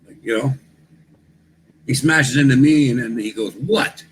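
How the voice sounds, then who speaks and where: A man's voice: medium pitch, unhurried, slight background noise, rough recording. A man co-hosting a casual livestream chat, joking and telling wry stories. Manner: joking, tells wry anecdotes. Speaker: co-host.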